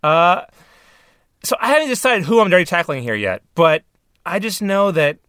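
A man's voice: high voice, big pitch swings, moderate pace, a bit bright, clean tone, dry recording, studio quality. A man hosting a casual podcast chat, hesitant, with stammering restarts. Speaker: podcast host.

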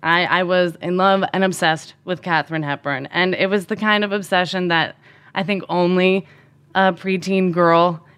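A woman in her thirties tells a personal story. She sounds animated and self-deprecating, with a loose, conversational rhythm and an ordinary middle pitch.

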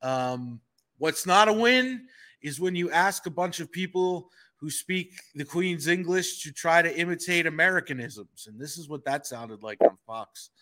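A man's voice: on the high side, lively intonation, measured pace, sharp tone. A man hosting a podcast in casual chat, wry and chatty with hesitant asides. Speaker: podcast host.

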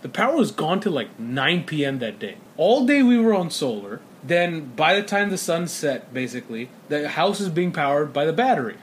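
A young man co-hosting a podcast, chatting casually and telling stories in an animated way, swearing often and laughing a lot. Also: on the high side, moderate pace, hardly any pauses, slight background noise. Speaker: podcast co-host. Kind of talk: casual chat.

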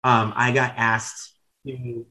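A man's voice: mid-range voice, level tone, slow, bright, forceful tone, rough recording. A man in his thirties telling candid, rambling stories as a podcast guest, with casual swearing and self-corrections. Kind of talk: casual storytelling chat.

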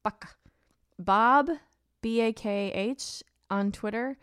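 A young woman hosting a podcast, her voice smooth and resonant with a bone-dry, close sound. She talks in a sarcastic, animated way and laughs often. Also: on the high side, slow, dry recording. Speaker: podcast co-host. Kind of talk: casual podcast chat.

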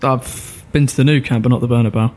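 A man's voice: mid-range voice, steady tone, fast talker, darkish tone. A young man on a football podcast panel, eager to explain his point. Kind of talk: casual football chat.

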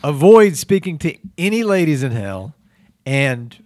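A man's voice: on the high side, sing-song, measured pace, a little mellow, no room sound, clean studio sound. A male podcast host in comedy banter, the wry, exasperated straight man who laughs often.

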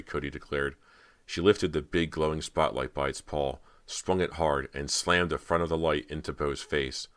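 Very deep-voiced male audiobook narrator. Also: fairly even intonation, moderate pace, a bit bright, no room sound, clean studio sound.

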